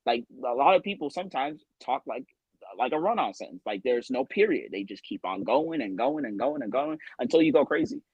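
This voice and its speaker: Husky man rambling through a language tip. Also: medium pitch, big pitch swings, brisk, no echo, poor audio. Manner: rambling, run-on sentences with frequent "right?". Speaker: language workshop host. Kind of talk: casual spoken workshop talk. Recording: online audio room.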